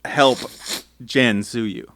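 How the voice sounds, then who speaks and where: A man's voice: mid-range voice, slow, fairly bright tone, no echo, clean studio sound. A young man from Canada co-hosting a podcast in casual chat, teasing and sarcastic. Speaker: podcast co-host.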